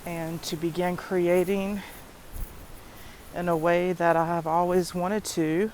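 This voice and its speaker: A woman with a lowish voice speaks very slowly and effusively, filming herself on a nature walk. She is recorded outdoors on a handheld phone, with faint ambient noise behind her. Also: level tone. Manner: slow, soft-spoken and effusive. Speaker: vlogger. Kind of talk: casual walking vlog.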